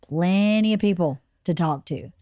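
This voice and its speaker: A middle-aged woman with a Southern US accent hosting a podcast, hoarse from losing her voice, chatting and laughing often. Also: fairly low pitch, a little slow, mellow, no echo, clean studio sound. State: hoarse, recovering lost voice. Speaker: podcast host. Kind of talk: casual chat.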